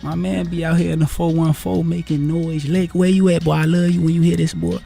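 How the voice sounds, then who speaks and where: A man's voice: a little high, little pitch movement, brisk, creaky, dark tone, faint music behind. A man from Wisconsin, a rapper guest on a radio interview, talking in casual slang and saying "fam" again and again. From Wisconsin, USA. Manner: slangy, keeps repeating "fam" and "on everything". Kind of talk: animated casual radio chat. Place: radio station studio.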